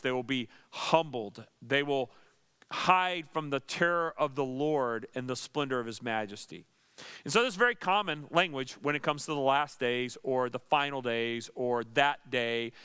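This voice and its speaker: A man's voice: mid-range voice, bright, forceful tone, smooth. A man, a pastor, teaching a Bible study in an earnest, conversational way with dry sarcastic asides.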